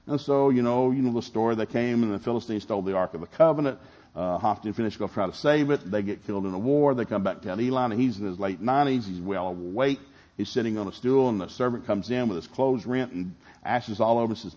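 A man's voice: lowish voice, fast, warm tone. A middle-aged male pastor preaching a sermon in a folksy storytelling manner, acting out Bible dialogue. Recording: dull lo-fi sound.

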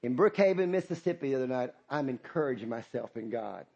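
A man's voice: mid-range voice, animated, fast talker, gravelly, darkish tone, slightly rough, highs cut off. A middle-aged man, preaching a sermon as pastor, impassioned and repetitive, calling out to the congregation.

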